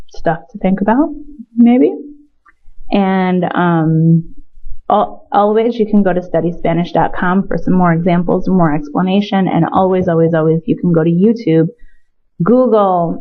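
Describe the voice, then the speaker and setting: A woman teaching a recorded Spanish grammar lesson in a chatty way, repeating words for emphasis. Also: fairly low pitch. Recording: tinny phone-like sound.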